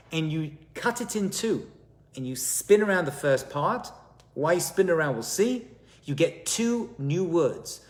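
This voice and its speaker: A man, a rabbi, giving a storytelling sermon in an animated way, swinging between loud and hushed delivery. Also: fairly high pitch.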